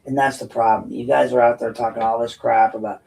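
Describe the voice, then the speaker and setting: A man's voice: mid-range voice, fairly even intonation, fairly quick, creaky, darkish tone, recorded from a distance, slight background noise, rough recording. A man from the United States hosting his own show, ranting bluntly and profanely to viewers with frequent restarts. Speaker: host and political commentator. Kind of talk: unscripted rant to viewers.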